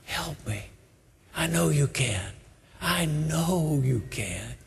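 A man voicing a desperate, humble mother who pleads in a soft, hushed voice. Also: a little high, lively intonation, slow, creaky, breathy edge, exaggerated voice. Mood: pleading.

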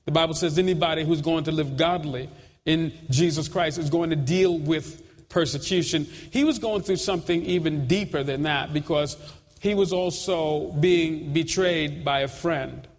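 A man preaching a sermon with steady, emphatic delivery and repeated phrases. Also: fairly high pitch, moderate pace. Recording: long hall reverb.

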